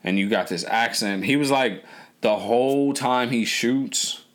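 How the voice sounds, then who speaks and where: A man's voice: medium pitch, measured pace. A man co-hosting a casual podcast chat, rambling and profane, full of fillers and restarts. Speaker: podcast co-host.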